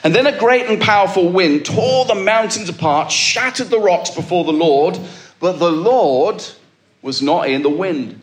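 A man's voice: sits high, a little slow, echoey room. A male pastor preaching a sermon to a congregation, emphatic and calling out to the listeners. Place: church with a live congregation.

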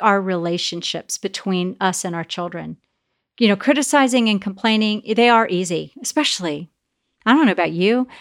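Middle-aged woman host, lively teaching talk with hushed asides, dry close-miked sound. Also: mid-range voice, dry recording. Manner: animated, shifts between emphatic and soft asides. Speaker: podcast host. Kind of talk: teaching, conversational podcast talk.

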